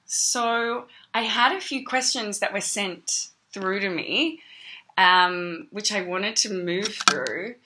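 A woman's voice: medium pitch, slow, background noise. An Australian woman teaching meditation on a casual livestream, chatty and greeting viewers by name. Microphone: phone.

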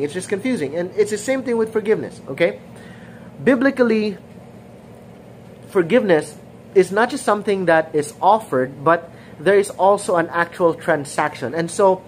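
A woman's voice: fairly low pitch, a little hiss or hum, poor audio. A woman teaching a conversational sermon, repeating her points and acting out quoted dialogue. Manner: informal, repeats phrases, acts out quoted dialogue. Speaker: Bible teacher.

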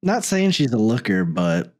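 A man's voice: fairly low pitch, sing-song, a little slow. A man co-hosting a casual podcast, joking crudely and breaking into silly voices. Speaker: podcast co-host.

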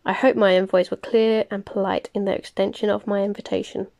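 A woman voicing a powerful, controlled male vampire master, in a slow, measured storybook reading. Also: medium pitch, flat delivery, creaky, a little mellow, natural voice. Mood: polite.

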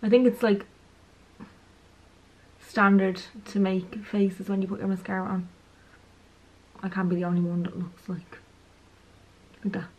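A woman's voice: mid-range voice, little pitch movement, a little slow, long pauses, a little mellow, low-quality recording. A young woman casually chatting through her everyday makeup routine while she applies it. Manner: chatty, self-aware, talks while applying makeup. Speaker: beauty vlogger. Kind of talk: casual makeup tutorial chat.

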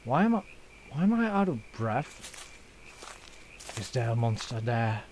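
A man's voice: mid-range voice, sing-song, measured pace, a little mellow, slight background noise. A young man hosting a let's play, joking around, swearing and using lots of fillers. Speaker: gaming channel host.

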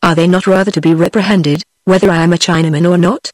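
A text-to-speech woman's voice with a British accent reading the lines of an indignant, scholarly old male sage in a plain, even delivery. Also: fairly low pitch, quick pace, no room sound, close to an everyday voice. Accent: British English.

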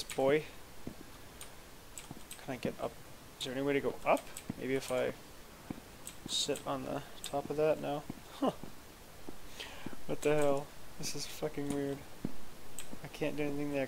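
A man's voice: on the high side, gravelly, a little hiss or hum. A man casually commenting on a video game, swearing freely, joking and muttering his reactions as he plays. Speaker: let's play host.

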